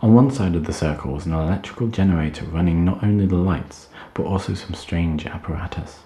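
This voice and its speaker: Deep-voiced man reading a story. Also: brisk, mellow. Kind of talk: reading fiction aloud. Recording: roomy echo.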